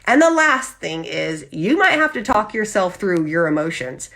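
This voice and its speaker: A woman's voice: lowish voice, moderate pace, vocal fry. A woman hosting a live Christian devotional, talking animatedly and checking in with her listeners. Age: adult with husband and child. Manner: animated, often checks in with "okay?"; acts out lively quoted voices. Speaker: Christian women's devotional host.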